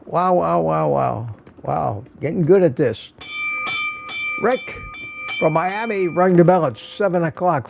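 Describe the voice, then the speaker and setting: An older male host with a slightly higher voice than most men, roughened by a gravelly edge. His tone is dark and mellow as he greets his regulars one by one in an easygoing, folksy livestream chat. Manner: reads viewer names and comments aloud, folksy.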